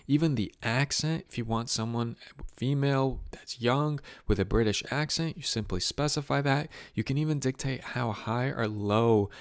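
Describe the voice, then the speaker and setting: A man hosting a software tutorial, explaining each step in a relaxed, chatty way into a close desk mic. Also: mid-range voice, smooth, no room sound. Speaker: tutorial host. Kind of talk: casual software walkthrough.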